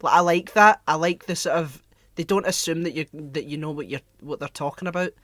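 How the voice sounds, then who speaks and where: A man's voice: a little high, brisk, a bit bright, no echo, clean studio sound. A man co-hosting a podcast, talking bluntly and swearing in casual chat. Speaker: podcast co-host.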